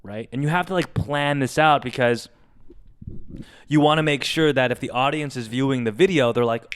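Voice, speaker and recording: A man's voice: medium pitch, normal speed, clean tone. A young man, a podcast co-host, telling a long story casually and acting out what people said. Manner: animated storyteller acting out quotes.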